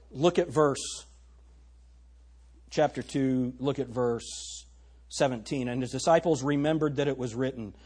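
A man's voice: fairly high pitch, breathy edge. A male pastor preaching a sermon, reading scripture aloud and pressing the congregation with emphatic rhetorical questions.

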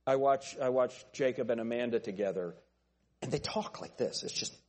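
A man's voice: medium pitch, moderate pace, darkish tone. A middle-aged man preaching a folksy sermon as a pastor, joking with his congregation in a church. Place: church sanctuary.

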